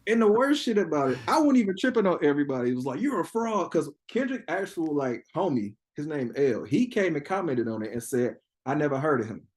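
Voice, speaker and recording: A young man telling a story in a casual interview, profane and animated, laughing often and acting out quotes. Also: on the high side, quick pace, hardly any pauses. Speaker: interview guest.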